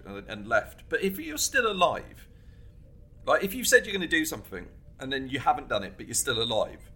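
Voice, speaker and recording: Male co-host, husky and animated, giggly casual storyteller. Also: medium pitch, fairly quick. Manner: laughs often, animated retelling. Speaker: podcast co-host. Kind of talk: casual chat.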